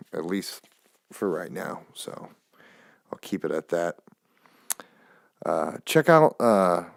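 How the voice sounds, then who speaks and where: A man's voice: sits low, vocal fry, no echo, studio quality. A man hosting a podcast, rambling loosely through a casual monologue and swearing now and then, recorded on a phone. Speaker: podcast host. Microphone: phone camera.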